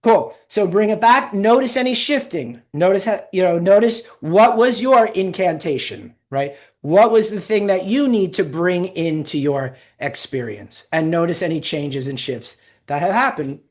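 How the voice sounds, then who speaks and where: A woman's voice: on the low side, animated, moderate pace, a little mellow. A woman presenting a webinar, leading listeners through a guided exercise and chanting affirmations with them in an encouraging way. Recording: echoey room, mic at a distance.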